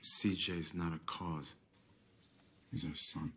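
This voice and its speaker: A man playing a grieving parent of a slain son, firm and measured. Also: steady tone, fairly bright tone, breathy edge, heavily acted. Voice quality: low, measured. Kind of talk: film drama acting.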